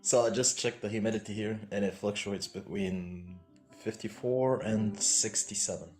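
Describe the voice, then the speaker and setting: A man's voice: lowish voice, steady tone, moderate pace, darkish tone, faint music behind. A man chatting wryly and teasing in a casual live-stream conversation.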